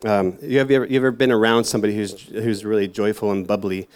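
A man's voice: on the low side, fairly even intonation, fast, a little mellow. A man giving a casual, rambling sermon to a youth group, full of fillers and self-mocking asides. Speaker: youth church speaker.

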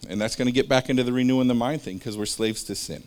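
A man's voice: medium pitch, fast, a little mellow. A man giving an informal religious talk, wandering off into personal stories and back in a loose, conversational way. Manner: rambling, jumps between stories; conversational, with fillers.

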